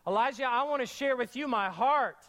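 A man's voice: very high voice, brisk, fairly bright tone. A man voicing a scheming mock-sweet queen. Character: menacing queen mocking a prophet, adult woman.

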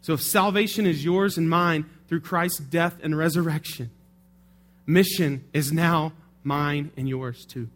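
In an unhurried, relaxed sermon, a male pastor talks through his points as though chatting with his congregation. His voice is a bit higher than most men's, and he often checks in with listeners using tag questions.

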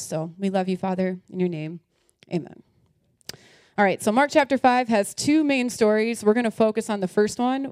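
A young woman delivers a sermon with animated energy, reading scripture and talking straight to her listeners. Her voice is mellow and warm, recorded close and dry with no room sound. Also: medium pitch, no room sound. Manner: animated, addresses listeners directly. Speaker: preacher.

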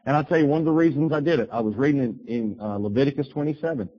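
Man preacher, husky, storytelling sermon, muffled lo-fi sound. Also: medium pitch, very fast. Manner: storytelling, animated bursts when quoting himself. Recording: dull lo-fi recording.

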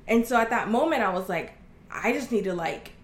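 Speaking quickly and with lots of animation in a mid-range voice, an Oklahoma woman earnestly recounts her own testimony as a guest, imitating the people involved. The room echoes around her.

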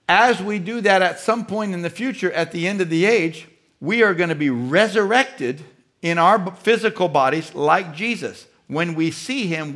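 A man's voice: high voice, a bit bright. A man preaching a sermon as pastor, emphatic and rhetorical with a preachy cadence.

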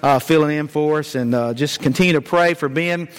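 A man's voice: on the high side, fairly quick, smooth. A man from Georgia, preaching a sermon in a folksy, storytelling way, with many "uh" fillers. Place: church sanctuary. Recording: long church reverb.

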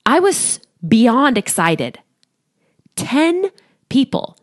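A woman in her thirties, working as a coach, hosts a solo podcast into a studio microphone. She is animated, laughs often, and performs the voices of people she quotes. Her voice is high-pitched and her delivery extremely slow.

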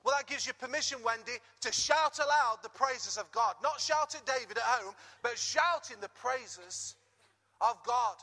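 British guy preaching, high bright voice, long hall echo, gets loud and jokey. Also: moderate pace. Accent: British English. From Britain. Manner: lively, jokey, rises loud on key words. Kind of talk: sermon. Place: church hall. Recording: reverberant church hall.

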